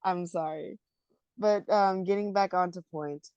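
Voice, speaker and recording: A woman co-hosting a podcast, chatting about an anime in an animated, emotional way that often breaks into laughter. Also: on the low side, unhurried, clean tone, no echo, muffled recording. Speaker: podcast co-host. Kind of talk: casual anime discussion.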